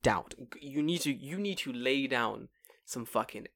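A man's voice: medium pitch, moderate pace. A young man co-hosting a casual podcast, telling stories with lots of swearing and mocking quoted voices. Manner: swearing, animated storytelling with mocking put-on quotes. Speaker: podcast co-host. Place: living in Japan.

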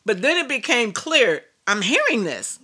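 Bright-voiced woman preaching. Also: on the high side, sing-song, unhurried, slightly rough. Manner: emphatic, repetitive storytelling. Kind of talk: sermon testimony.

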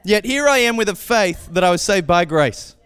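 A man preaching a casual, animated sermon as pastor, acting out voices when he tells a story. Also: sits high, moderate pace, clear, resonant tone, big-room sound. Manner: animated, acts out voices in anecdotes. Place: church.

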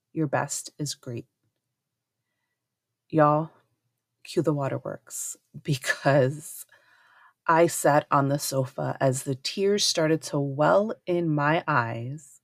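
A woman's voice: deep voice, fairly bright tone, no echo, studio quality. A woman hosting a podcast, telling a personal parenting story in an earnest, reflective, conversational way that often asks "right?". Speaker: podcast host, homeschooling parent.

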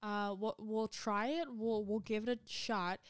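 A woman co-hosting a casual podcast, with a mid-pitched voice and a wry, teasing way of talking. She sounds close to the mic, recorded in a dry room. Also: fairly even intonation, unhurried, clean tone, no room sound. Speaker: podcast co-host. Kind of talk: casual chat.

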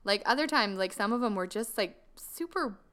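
A podcast co-host recaps a movie in a casual chat, her mid-range voice expressive and fairly bright at a moderate pace. She's chatty, leans heavily on "like," and acts out quotes.

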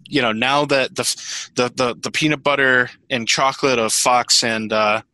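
A man with a bright, forceful voice, chatting casually on a podcast. He talks animatedly and rambles, swears freely and restarts his sentences. The recording is close and dry. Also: medium pitch, fairly even intonation, normal speed, no room sound, low-quality recording. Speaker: podcast co-host. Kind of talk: casual chat.

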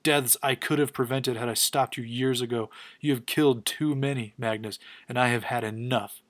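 A man reading the lines of an anguished, commanding older male mentor, raised and forceful. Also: mid-range voice, steady tone, moderate pace, no echo, natural voice. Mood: stern.

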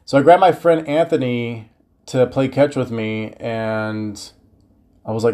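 A man's voice: mid-range voice, unhurried. A man in his thirties hosting a podcast, telling personal stories in a casual, profane, slangy way. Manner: profane, animated, slangy storytelling. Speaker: podcast host. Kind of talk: casual storytelling monologue.

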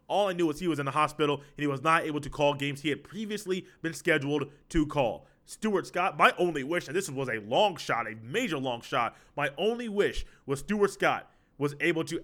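A man's voice: a little high, fairly bright tone. A man hosting a solo sports podcast with a head cold, talking in a loose conversational way and repeating his phrases. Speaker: podcast host.

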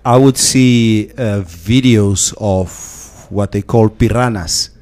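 A man with a Namibian accent in a casual podcast chat, measured and listening closely. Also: fairly low pitch, a little mellow. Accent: Namibian English.

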